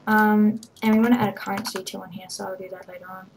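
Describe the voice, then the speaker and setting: A woman's voice: mid-range voice, little pitch movement, vocal fry, slight background noise, poor audio. Rambling woman touring her game. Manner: rambling and hesitant, many ums, quick to laugh. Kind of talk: casual game walkthrough commentary.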